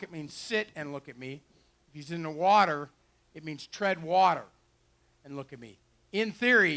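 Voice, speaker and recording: A man's voice: a little high, sharp tone. A man giving joking, folksy commentary as he demonstrates retriever dogs outdoors on a fairground mic. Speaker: dog trainer and show host. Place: outdoor fair pond with dock. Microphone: handheld or headset mic.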